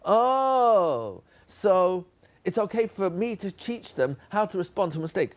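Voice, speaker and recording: Animated man demonstrating a classroom lesson. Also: high-pitched, unhurried. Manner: animated, playful, acts out classroom exchanges. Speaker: teacher trainer. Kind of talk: teacher training demonstration.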